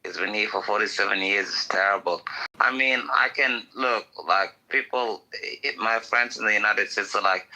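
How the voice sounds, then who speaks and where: Man, heated call-in guest, swears a lot, emphatic, very bright voice. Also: lowish voice, moderate pace, poor audio. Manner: profane, ranting and emphatic.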